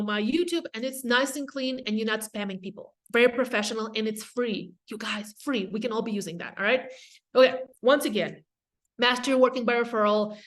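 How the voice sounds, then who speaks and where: Chatty woman with a Russian accent. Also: on the high side. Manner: energetic, chatty, quick asides to the audience. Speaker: real estate coach presenting a webinar. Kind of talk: casual presentation.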